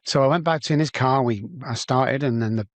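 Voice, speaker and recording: A man's voice: medium pitch, brisk, dry recording. Manchester man telling his story, dry sound. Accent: Manchester English. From England. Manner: animated storyteller who acts out the dialogue. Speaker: podcast guest. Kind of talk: personal storytelling in an interview.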